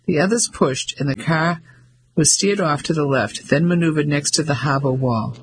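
A man narrating an audiobook in a steady, descriptive manner. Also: fairly high pitch, normal speed, breathy edge, rough recording.

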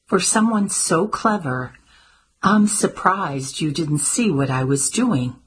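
A woman's voice: lowish voice, lively intonation, slow, slightly rough, heavily acted, poor audio. A woman voicing a dry, wry grandmother. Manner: dry, teasing quips. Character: wry, sharp-tongued grandmother, older woman. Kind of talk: audiobook character voice.

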